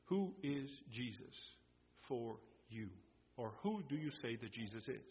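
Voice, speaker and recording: Man, sermon, slow deliberate delivery, tinny phone-like sound, long hall echo. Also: medium pitch, expressive, slight background noise. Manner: emphatic, explanatory, repeats key phrases. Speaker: preacher.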